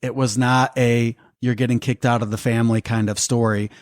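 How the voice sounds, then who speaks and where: A man's voice: mid-range voice, flat delivery, normal speed, no room sound, studio quality. A man hosting a podcast, speaking casually and summing up what his guest tells him. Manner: affirming, reflects back what he hears. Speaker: podcast host. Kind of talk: casual interview conversation.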